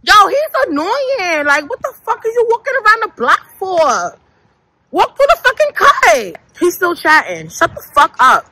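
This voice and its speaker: Loud tipsy woman trash-talking on the street. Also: extremely high pitch, wildly swooping pitch, measured pace, dry recording, low-quality recording. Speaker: vlogger. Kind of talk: rowdy night-out vlog banter. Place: city street outdoors at night.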